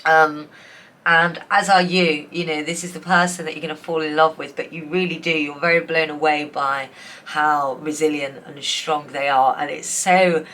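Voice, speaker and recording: A woman's voice: sits low, level tone, moderate pace, pushed and bright. Tearful, effusive woman reading tarot. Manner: emotional, effusive, rambling with many restarts and fillers. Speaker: tarot reader. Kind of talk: pick-a-card tarot reading.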